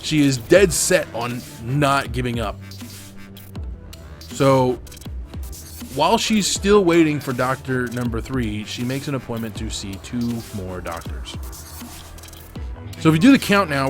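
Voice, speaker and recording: A young man tells a personal story in a candid, animated way and swears casually as he goes. His voice sits at an ordinary middle pitch for a man. Faint music plays quietly in the background. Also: unhurried, pauses often. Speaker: gaming channel host. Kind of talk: storytelling over gameplay commentary.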